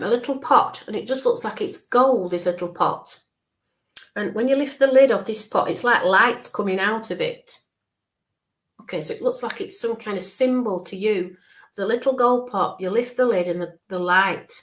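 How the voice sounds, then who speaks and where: A woman working as a spiritual medium during a live online reading. She describes what she sees slowly, repeats herself and checks in often with a soft, reassuring "okay". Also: mid-range voice. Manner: describes visions slowly, checks in with frequent okays.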